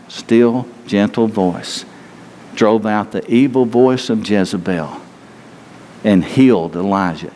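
A man preaching a sermon, telling a story and acting out its voices, now and then dropping to a hush. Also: lowish voice, slight background noise. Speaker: pastor. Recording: long hall reverb.

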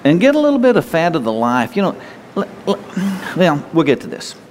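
Folksy older preacher in a reverberant hall. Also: male voice, fairly high pitch, wildly swooping pitch, a little fast, a little hiss or hum. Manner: folksy, rambling, with asides and restarts. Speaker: pastor. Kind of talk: sermon. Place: church sanctuary.

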